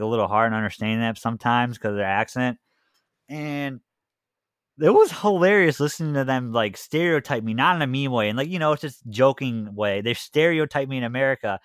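A man's voice: mid-range voice, lively intonation, fast, fairly bright tone, dry recording, studio quality. A young man co-hosting a casual podcast, telling stories loosely with lots of fillers. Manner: rambling, loose storytelling with many fillers. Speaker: podcast co-host. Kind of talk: casual chat.

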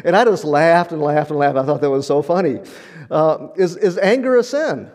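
A man's voice: a little high, expressive, moderate pace, darkish tone. An older man preaching a sermon in a conversational, storytelling way, often repeating words and chuckling. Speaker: pastor.

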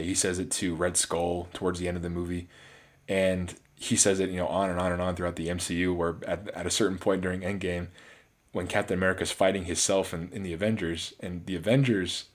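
Male film reviewer, very low voice, casual and rambling. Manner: rambling, frequent restarts and fillers. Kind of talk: casual solo movie review.

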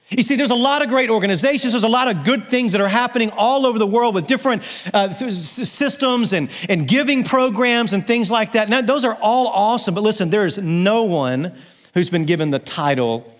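A man's voice: high voice, expressive, moderate pace. A male pastor preaching an emphatic sermon, asking his congregation questions and shifting his pace to stress his points.

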